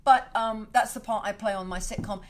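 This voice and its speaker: A woman's voice: medium pitch, brisk, a little hiss or hum. A middle-aged woman from South Wales, hosting a casual livestream rant, emotional and swearing freely as she rambles. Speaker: host.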